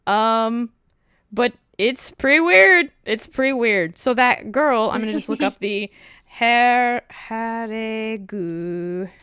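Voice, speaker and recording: A woman's voice: a little high, smooth, dry recording. Laughing woman streamer, dry close sound. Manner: animated, laughs often while explaining. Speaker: streamer host. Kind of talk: casual stream chat.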